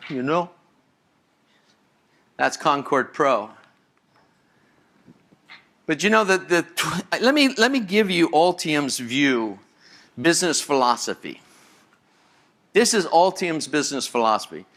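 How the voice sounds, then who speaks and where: Speaking in a conference hall before an audience, a senior engineer gives a live talk in a slightly high, fairly bright voice. He is enthusiastic and conversational, frequently repeating and restarting words.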